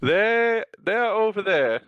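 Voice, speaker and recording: A man's voice: high voice, big pitch swings, takes it slowly, clear, resonant tone, dry recording, highs cut off, pitched above the performer's own voice, heavily acted. A man voicing a formal, dapper male scarecrow who sells fruit, in a tabletop game. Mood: amused. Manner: formal, tries an accent then drops it.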